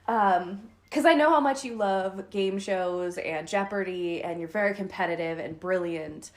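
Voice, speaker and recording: A woman's voice: medium pitch, unhurried. Cheerful woman co-hosting a podcast. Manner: cheerful, laughs often, teasing. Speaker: podcast co-host. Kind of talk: casual chat.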